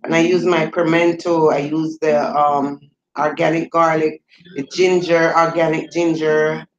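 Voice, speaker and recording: In this livestream, the host is a middle-aged woman whose Jamaican accent colors every word as she tells stories and responds to viewer comments in an easygoing, chatty manner. She has a low voice and keeps a measured pace. The audio is reverberant and lacks high frequencies.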